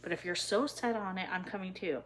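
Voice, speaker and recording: A woman voicing a kind, protective young male hobo with a Texan accent, speaking calmly and earnestly in a storybook reading. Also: fairly low pitch, fairly quick, slight background noise, lightly acted, poor audio.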